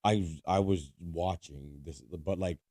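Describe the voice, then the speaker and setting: A man's voice: slow, dark tone, dry recording, studio quality. A man co-hosting a podcast, telling a story casually, swearing freely and laughing as he goes. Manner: swearing, laughing storyteller who bursts high when quoting. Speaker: podcast co-host.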